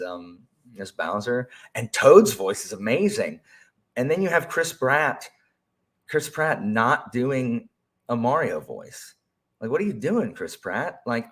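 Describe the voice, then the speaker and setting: A young man with a low voice chats loosely with his viewers on a live stream. He rambles between topics with plenty of fillers and restarts, and his pitch swings widely as he gets worked up. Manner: rambling, animated, lots of fillers. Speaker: teacher. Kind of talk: casual stream chat.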